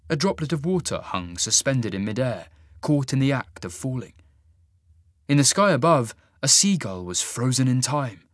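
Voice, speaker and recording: A man narrating a fantasy story in an expressive, scripted reading. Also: medium pitch, measured pace, no room sound, clean studio sound. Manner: expressive, rising sharply for the hero's angry lines. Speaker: audiobook narrator.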